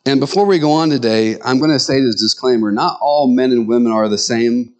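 A man's voice: medium pitch, fairly quick, a little mellow. A male pastor preaching with humorous stories, acting out the voices he quotes. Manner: storytelling, acts out quoted voices. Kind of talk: sermon with humorous anecdotes.

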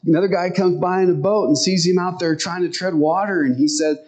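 A man preaching a sermon in an earnest, conversational way, often speeding up and slowing down. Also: high voice, steady tone, darkish tone. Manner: tells stories and acts out quotes.

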